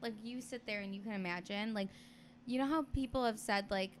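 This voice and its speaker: A woman's voice: mid-range voice, fairly quick, a little hiss or hum. A woman co-hosting a podcast, chatting casually and teasing her friends. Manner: chatty, teasing, laughs easily. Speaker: podcast co-host. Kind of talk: casual chat.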